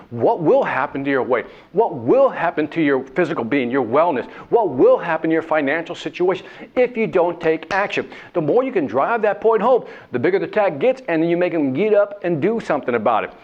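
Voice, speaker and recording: A man giving a motivational sales talk, telling a story and acting out whining voices along the way. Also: fairly high pitch. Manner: animated, acts out whining voices and characters. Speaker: sales trainer. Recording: dull lo-fi sound.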